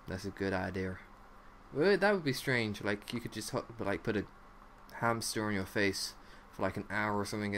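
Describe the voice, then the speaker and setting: On the low side but fairly bright, this young man's voice carries silly, rambling live commentary over a zombie game as he skips between odd topics and says "like" a lot. Slight background noise is present.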